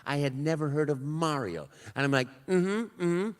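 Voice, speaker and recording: A man's voice: medium pitch, fairly quick. An older man, a voice actor guest, telling a story at a live convention panel, acting out the dialogue and sound effects as he goes. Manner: animated, acts out dialogue and sounds.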